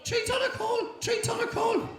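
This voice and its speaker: Brief: shrill male parrot, put on by a man, sing-song repeats, roomy hall. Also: flat delivery, moderate pace, fairly bright tone, shouting, a faint crowd. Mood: squawking. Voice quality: very high, squawking. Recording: echoey hall.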